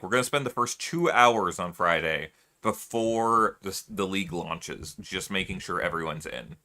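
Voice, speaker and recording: A man's voice: low-pitched, pushed and bright. A man streaming live, chatting casually with his viewers, laughing often and musing aloud.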